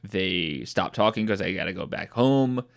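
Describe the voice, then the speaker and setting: Lively low-voiced joking man. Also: moderate pace, vocal fry. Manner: joking, teasing, deadpan asides. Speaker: podcast co-host. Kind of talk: casual chat recapping a movie.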